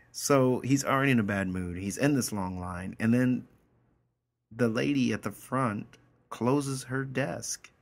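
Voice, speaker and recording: A man teaching a story, reading it aloud line by line and then explaining it in a casual way, often checking in with his listeners. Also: medium pitch.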